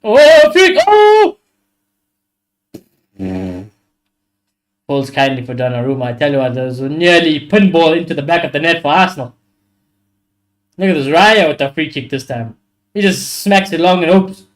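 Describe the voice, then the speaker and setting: A young man with a high voice hosts a live football watchalong. He reacts excitably to the play and swears freely. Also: a little fast. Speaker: watchalong host.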